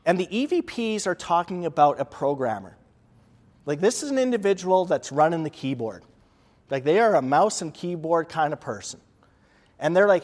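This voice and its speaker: A man's voice: on the high side, expressive, moderate pace, darkish tone. A man giving a conversational leadership lecture to an audience, emphatic and given to repeating words for stress. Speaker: presenter. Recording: long reverb of a large hall.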